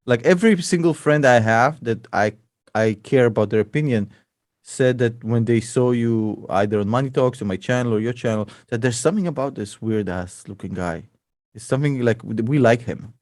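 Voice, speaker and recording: A man's voice: mid-range voice, moderate pace, darkish tone, no echo, clean studio sound. A man, an investor and podcast co-host, chatting casually and joking a lot. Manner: laughs a lot, calls people bro.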